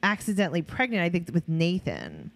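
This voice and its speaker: A woman co-hosting a casual gossip podcast, swearing freely and reading out quotes with an animated delivery. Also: fairly low pitch, fairly quick, creaky, dry recording. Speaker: podcast co-host.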